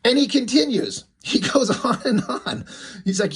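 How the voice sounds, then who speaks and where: A man's voice: sits high, very animated, normal speed, husky. A man casually reviewing a comic book, rambling and amused, with many fillers.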